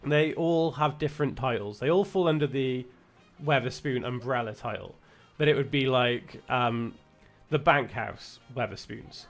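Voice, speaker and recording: Young man, British accent, casual streamer chat, rambling, self-correcting, mid pitch, soft music behind. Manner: rambling, many fillers and restarts, self-correcting. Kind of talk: casual chat while gaming.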